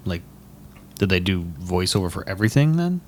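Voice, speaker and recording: A man's voice: low voice, sing-song, a little fast. A man co-hosting a casual podcast, asking short, curious questions about a film. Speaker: podcast co-host. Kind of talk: casual chat.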